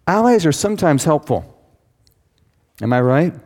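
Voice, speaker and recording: A man's voice: a little high, very animated, normal speed, darkish tone. A man teaching a Bible study to a live audience, in a conversational way with asides to the listeners. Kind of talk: sermon-style Bible teaching. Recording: long hall reverb.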